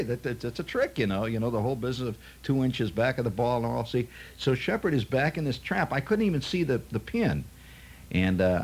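A man's voice: medium pitch, breathy edge. A man telling a long, rambling anecdote in a chatty way, full of asides. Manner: chatty, full of "see" and "you know" asides. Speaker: storyteller.

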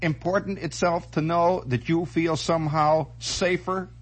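A man's voice: on the high side, steady tone, measured pace, background noise. A man hosting a radio monologue, rambling theatrically and making sound effects with his voice. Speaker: radio host. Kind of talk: late-night radio monologue. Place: radio studio.

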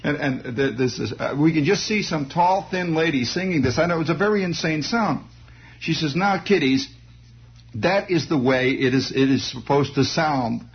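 A male storyteller spins a comic childhood tale, wandering into wry asides. His voice sits a bit high. The recording is dull and lo-fi. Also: moderate pace. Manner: rambling, digressive, wry asides.

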